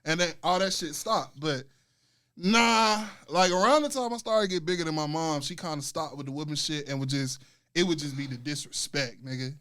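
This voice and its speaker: A young man hosting a casual chat, telling animated stories and loudly acting out quotes. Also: fairly high pitch, moderate pace. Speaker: podcast host.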